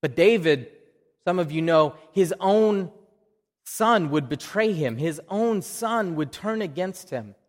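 A man's voice: high-pitched, expressive, takes it slowly, in a large hall. A man with an Oklahoma accent preaching a sermon in a conversational way, often repeating a word as he restarts a phrase. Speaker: pastor. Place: church.

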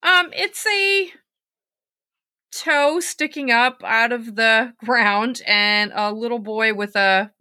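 A woman hosting a podcast, reading scary stories aloud and chatting about them, with lively acted-out quotes. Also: a little high, slow pace, no echo, studio quality. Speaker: podcast host and storyteller.

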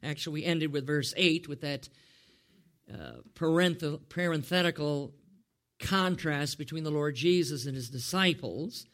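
High-voiced animated preacher. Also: male voice, a little slow. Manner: animated, rhetorical questions, chuckles often, addresses listeners by name. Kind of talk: sermon.

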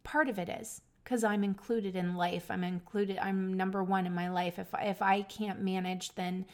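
A woman tells a personal story straight to her listeners, earnest and openly emotional. She stumbles and restarts as she talks. Her mid-pitched voice drops low and quiet, then rises high and loud when she gets animated. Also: normal speed. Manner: lively, swinging between hushed and loud. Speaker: podcast host.

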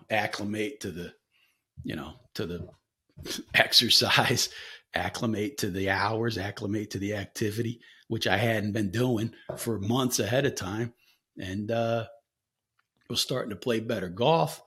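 A man's voice: medium pitch, unhurried, fairly bright tone. A man hosting a casual solo podcast, talking candidly and rambling with frequent fillers and swearing, coughing now and then. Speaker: podcast host.

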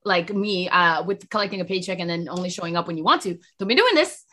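Young woman podcast cohost, bright voice, bouncy, laughs and swears a lot. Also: on the low side, fast. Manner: animated, laughs often, swears casually. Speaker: podcast co-host. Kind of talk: casual chat about wrestling.

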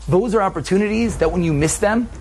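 A man telling a dramatic story as a sermon, in an animated storytelling manner. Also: sits high, fast, a little hiss or hum, low-quality recording.

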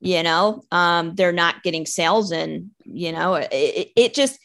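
A woman's voice: fairly low pitch, measured pace, gravelly, fairly bright tone. A woman who runs a recruiting business, a guest on a podcast, speaking candidly and chattily, often stumbling into her sentences. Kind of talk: casual interview chat.

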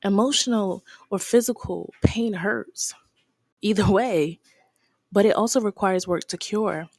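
A woman's voice: medium pitch, unhurried, a little mellow, no room sound. A woman talks straight into a close, dry mic, giving a faith-based pep talk on her own show. Her delivery is preachy and encouraging, and she laughs often as she speaks. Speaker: podcast host.

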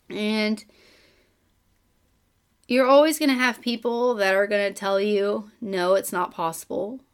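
Woman podcast host, emotional and choked up, earnest motivational monologue, halting with fillers. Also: medium pitch. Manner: earnest, pep-talk delivery with repeated calls to action; frequent fillers and restarts.

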